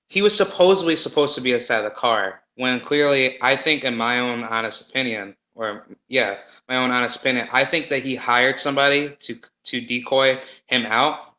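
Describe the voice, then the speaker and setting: A man in casual conversation, rambling and animated with many fillers and restarts. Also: mid-range voice, reverberant, rough recording. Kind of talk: casual conspiracy chat.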